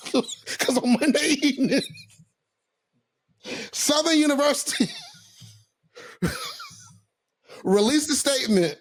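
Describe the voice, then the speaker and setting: High-voiced, lively man laughing through sports talk. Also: slow, pauses often, a little hiss or hum. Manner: laughing often, animated, reads quotes mockingly. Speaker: podcast co-host.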